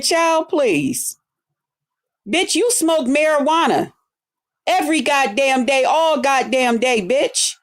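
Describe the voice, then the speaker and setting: A woman ranting angrily at her viewers on a livestream, cursing and confrontational, stretching out words for emphasis. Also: on the high side. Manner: angry, profane, confrontational. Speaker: streamer addressing her viewers. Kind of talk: heated livestream rant.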